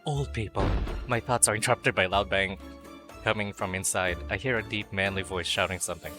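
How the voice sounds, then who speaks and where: A man's voice: fairly low pitch, steady tone, a little fast, music in the background. A man streaming a dating sim, reading the story aloud and breaking in with playful, crude jokes and silly noises. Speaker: VTuber game streamer.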